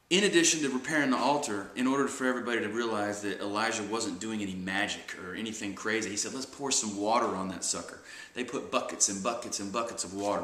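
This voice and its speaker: A man's voice: on the low side, fairly bright tone, roomy sound. A man casually retelling a Bible story as a devotional speaker, rambling with many fillers and restarts.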